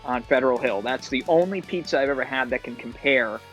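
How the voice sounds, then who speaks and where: A chatty man from Rhode Island talks as a podcast guest, rambling through his stories and laughing easily. His voice sits at an ordinary middle pitch. Faint music plays underneath. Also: fast, fairly bright tone. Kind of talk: casual chat.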